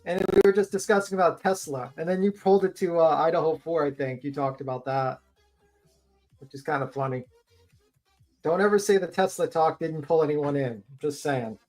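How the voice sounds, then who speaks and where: Panel co-host: rambling, teasing banter, medium pitch. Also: a little fast, a little mellow, soft background music. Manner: rambling and joking. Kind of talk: casual livestream chat.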